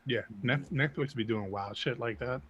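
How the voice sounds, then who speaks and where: A man co-hosting a casual live chat, relaxed and joking, stammering on repeated words. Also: mid-range voice, normal speed, dull audio. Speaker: co-host. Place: Massachusetts.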